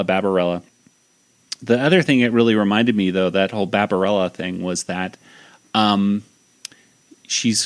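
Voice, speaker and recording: A man hosting a podcast, casually recapping a cartoon episode in a rambling way with lots of fillers and restarts. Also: fairly low pitch. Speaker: podcast host.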